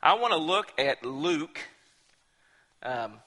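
A man's voice: a little high, very animated, slow pace, sharp tone. A male pastor preaching a sermon with emphasis, often repeating words as he builds a point. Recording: echoey hall.

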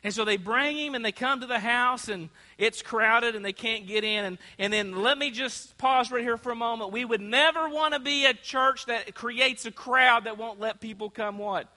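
A man's voice: very high voice, normal speed, hardly any pauses, sharp tone. A man preaching a sermon in a church, asking the congregation to call out answers. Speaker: pastor. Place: church sanctuary. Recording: long church hall reverb.

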